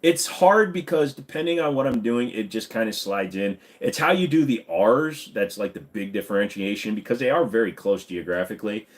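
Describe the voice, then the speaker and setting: A man's voice: lowish voice, animated, moderate pace, hardly any pauses. A man hosting a livestream, chatting casually and joking as he answers viewers. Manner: joking, jumps into silly voices. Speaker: livestream host.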